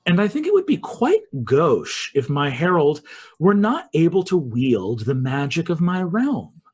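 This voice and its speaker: A man voicing a towering, wistful fae queen of dusk in a tabletop game, speaking softly and with measured formality. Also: on the high side, wildly swooping pitch, breathy edge, full character voice. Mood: playful. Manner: soft, measured, stately.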